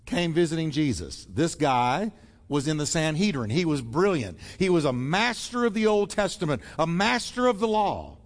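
A man's voice: on the high side, big-room sound. A man preaching a sermon as pastor, emphatic and acting out the voices he quotes.

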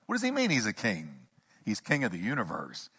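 A man's voice: on the low side, huge pitch swings, a little fast, fairly bright tone, slightly rough. A male pastor preaching a sermon, emphatic, with rising repeated questions. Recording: long hall reverb.

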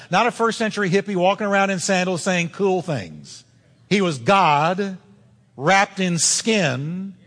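A man with a high voice preaches a sermon, pressing his points home with emphatic, insistent direct address. His voice rings out in a church sanctuary with a long hall reverb trailing each phrase. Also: fairly bright tone. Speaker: pastor.

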